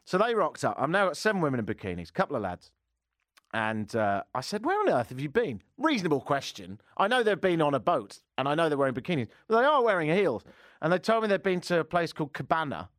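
A man's voice: fairly high pitch, very animated, fast, fairly bright tone, no echo, studio quality. An English man hosting a radio show, telling a sarcastic, self-deprecating story in casual banter. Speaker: radio host.

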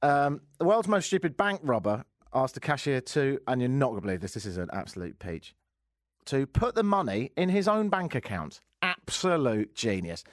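On a studio microphone with clean studio sound and no echo, this English host of a comedy talk radio show jokes, banters, and relays news stories sarcastically, often laughing at his own lines. His mid-range voice is very animated and moves at a moderate pace.

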